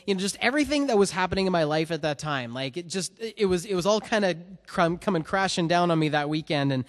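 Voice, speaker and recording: A man's voice: sits high, expressive, fast talker. Earnest man telling a story. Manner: earnest, rambling storytelling with many restarts. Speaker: worship musician. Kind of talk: personal testimony before a song.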